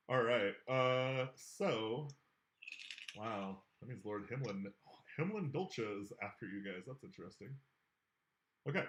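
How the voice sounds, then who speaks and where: Animated game master, echoey room. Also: male voice, medium pitch. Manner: animated, swearing, quick to laugh. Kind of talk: narrating a tabletop game.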